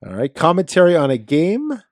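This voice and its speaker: A man's voice: on the high side, wildly swooping pitch, fairly quick, a little mellow, no echo, clean studio sound. A man hosting a podcast, firing off playful this-or-that questions and laughing along. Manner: playful, laughing quiz-master. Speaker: podcast host. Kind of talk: casual chat, quick-fire questions.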